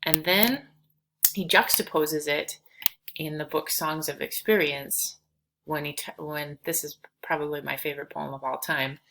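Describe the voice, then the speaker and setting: Low, gravelly woman teaching a poem. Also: steady tone, unhurried, fairly bright tone, low-quality recording. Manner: reads verse with lift, then explains casually with fillers. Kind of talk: recorded poetry lesson, reading aloud and explaining.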